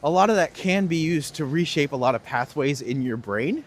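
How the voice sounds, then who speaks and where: With slight background noise around him, a young tour guide streams a walking tour in the cold city outdoors, speaking at a moderate pace in an animated, slightly high voice. His chat is relaxed, and he reads out viewers' questions and answers them jokingly.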